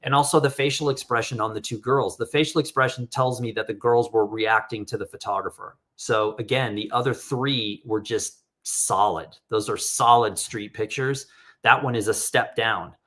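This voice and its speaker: A man's voice: medium pitch, moderate pace, fairly bright tone. Middle-aged man, casual live-stream talk, candid, rambling, reading audience questions. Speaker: photographer hosting live critique.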